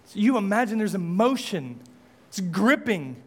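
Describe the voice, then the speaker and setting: A man's voice: high voice, big pitch swings, normal speed. A male pastor preaching a sermon, impassioned, with repeated rhetorical questions and casual asides.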